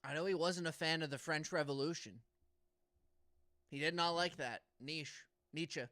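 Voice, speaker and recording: A man's voice: on the high side, normal speed, pushed and bright, no echo, clean studio sound. A young man co-hosting a casual comedy podcast, rambling and stammering through restarts. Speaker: podcast co-host.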